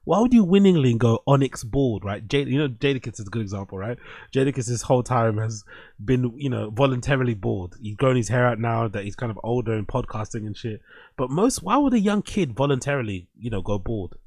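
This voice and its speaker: A man's voice: mid-range voice, brisk, dry recording. A man hosting his show, reacting to online clips in casual commentary, blunt and full of swearing. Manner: blunt, heavy swearing, animated mocking. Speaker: show host.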